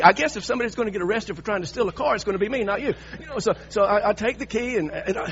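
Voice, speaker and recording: A man in his sixties preaching, telling a personal story with lively, halting restarts. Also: high voice, lo-fi sound, a little hiss or hum. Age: 60s. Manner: animated storytelling with repeated restarts.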